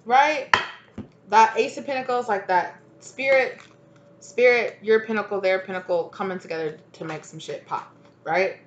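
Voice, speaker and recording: A woman's voice: mid-range voice, normal speed, highs cut off. A woman giving a casual spoken tarot reading, chatty and laughing, swearing freely as she talks to her viewers. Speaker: tarot reader. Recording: roomy echo, faint noise.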